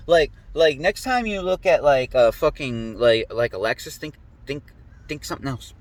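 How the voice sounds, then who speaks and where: A man delivering a rambling, profane monologue straight to the camera, agitated and full of restarts. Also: fairly high pitch. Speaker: vlogger. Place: lives in a humid climate.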